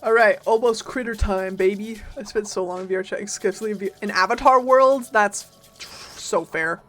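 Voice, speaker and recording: A woman streamer giving casual, chatty gameplay commentary, reacting loudly and talking to her chat and her game's followers. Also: medium pitch, moderate pace, soft background music.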